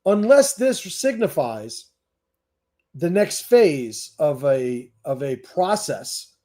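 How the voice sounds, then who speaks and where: Slow-paced yet very animated, a middle-aged man with a rather high, mellow voice hosts a livestream Q&A monologue. He's blunt and forceful, often swears and restarts his sentences a lot.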